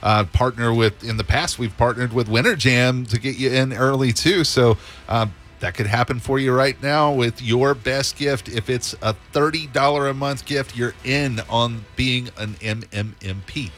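A man's voice: mid-range voice, steady tone, normal speed, a bit bright. A man co-hosting a radio fundraiser, making an upbeat, persuasive appeal to listeners. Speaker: radio host.

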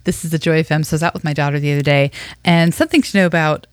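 Radio host lady, neutral american accent, low voice, dry close sound, chatty and amused. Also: fairly even intonation, rapid-fire, clean tone, no room sound. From American South. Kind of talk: radio segment monologue.

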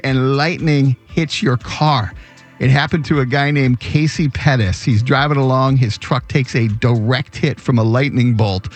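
Radio host man telling a story. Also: mid-range voice. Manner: warm conversational storytelling with fillers. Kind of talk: radio show chat.

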